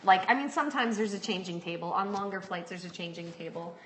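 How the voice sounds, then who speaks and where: Lower-voiced woman chatting on a live podcast, roomy echo, bit of hiss. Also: animated, fast talker. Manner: casual, many "like" fillers. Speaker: podcast co-host. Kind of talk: casual live-stream chat.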